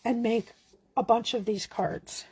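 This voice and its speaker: Slow, chatty woman crafting. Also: on the high side, breathy edge, dry recording. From Canada. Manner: chatty, relaxed, talks while working. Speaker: card-making demonstrator. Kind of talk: casual craft tutorial.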